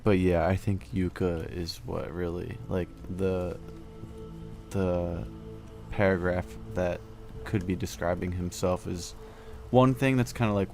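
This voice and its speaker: Soft-spoken hesitant man. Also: low voice, fairly even intonation, unhurried, creaky, soft background music. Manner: hesitant, many fillers, soft trailing. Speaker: player. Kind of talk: tabletop role-play chat.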